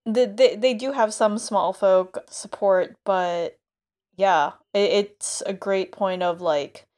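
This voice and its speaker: A woman's voice: mid-range voice, slow pace, a little mellow. A woman co-hosting a podcast, musing casually about a book with lots of fillers. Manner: loose, filler-heavy musing. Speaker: podcast co-host.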